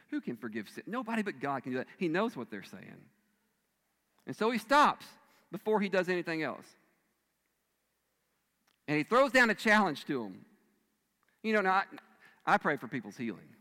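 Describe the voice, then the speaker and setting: A man's voice: on the high side, very animated, normal speed, pauses often. Emphatic male preacher in a reverberant hall. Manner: emphatic, swinging between loud bursts and hushed lines. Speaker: pastor. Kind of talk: sermon. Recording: long reverb of a large hall.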